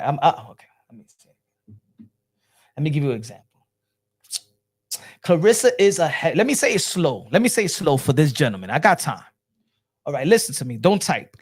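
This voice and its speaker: A man's voice: on the high side, very animated, brisk, pauses often, husky. A man hosting a boxing livestream, ranting at chat comments in an exasperated, repetitive and profane way. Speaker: boxing channel host. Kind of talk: livestream rant answering chat.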